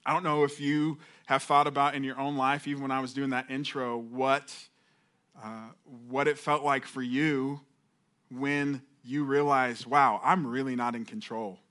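A man's voice: medium pitch, flat delivery, measured pace, fairly bright tone. A middle-aged male pastor giving a conversational sermon, restarting phrases and acting out heartfelt prayers.

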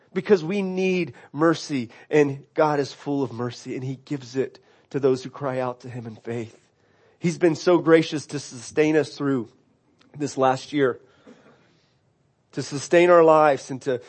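A middle-aged man, a pastor, preaching an earnest sermon that often restarts phrases and rises to fervent cries. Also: high voice.

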